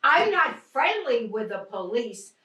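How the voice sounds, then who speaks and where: A woman's voice: a little high, sing-song, unhurried, full character voice. A woman playing an exasperated, frazzled wife. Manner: exasperated, sharp retorts. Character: frazzled city wife just robbed. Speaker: stage actor. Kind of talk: stage play performance. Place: theatre stage. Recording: roomy stage sound from a distant mic.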